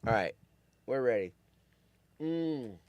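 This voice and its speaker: A man's voice: mid-range voice, animated, slow, a little mellow, no room sound. A man in his fifties hosting a live stream, rambling, joking and reading chat aloud. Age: 50s.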